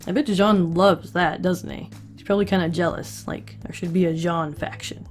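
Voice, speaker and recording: A woman talks through an episode recap in a chatty, conversational way, tossing in wry asides. Her voice sits on the lower side, and faint guitar music plays underneath. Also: fairly even intonation, moderate pace. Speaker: recap host.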